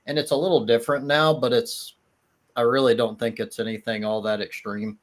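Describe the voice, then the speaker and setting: A man's voice: medium pitch, flat delivery, fairly quick. Hesitant man arguing a point. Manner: hesitant, many restarts and fillers, laughs at the idea of souls. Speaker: atheist guest in a live-stream debate. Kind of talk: casual debate chat.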